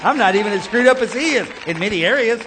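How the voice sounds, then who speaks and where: A man's voice: high-pitched, lively intonation, fast, a crowd in the background, noisy background. A man preaching a sermon, mixing call-and-response cries with casual asides. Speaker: pastor. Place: church sanctuary. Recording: long hall reverb.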